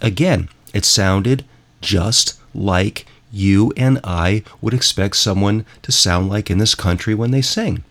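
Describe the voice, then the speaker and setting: Male host, lowish voice, rambling and emphatic, casual monologue between songs. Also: takes it slowly, a bit bright. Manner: rambling, emphatic, repeats himself. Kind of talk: casual monologue playing music clips.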